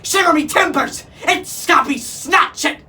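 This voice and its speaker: A man's voice: very high voice, measured pace, sharp tone, recorded from a distance, a little hiss or hum, pitched above the performer's own voice, exaggerated voice. A man voicing a shy, ashamed male parrot with a squawking voice. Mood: shocked. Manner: squawky, fretful.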